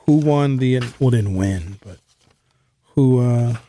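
A man's voice: medium pitch, takes it slowly, mellow. Joking man hosting talk radio. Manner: joking, offhand. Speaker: radio talk show host. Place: radio studio. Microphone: studio mic.

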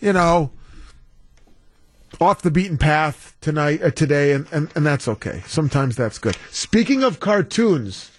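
A man's voice: fairly high pitch, normal speed, pauses often. A male radio talk show host chatting casually into a studio microphone, rambling off on tangents and reading listener texts.

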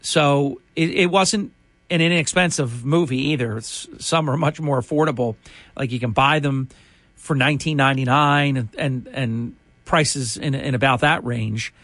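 A man's voice: mid-range voice, moderate pace, a bit bright, dry recording. A male radio host giving a chatty, opinionated on-air monologue full of restarts.

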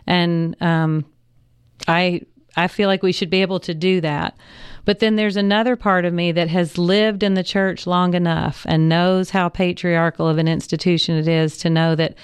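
A woman, a pastor, talking in a radio studio interview. Her voice is low-pitched for a woman and very smooth, close and dry. She weighs her words with frequent ums. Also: dry recording. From American South. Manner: thoughtful, hedging with ums, laughs easily. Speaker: pastor and guest.

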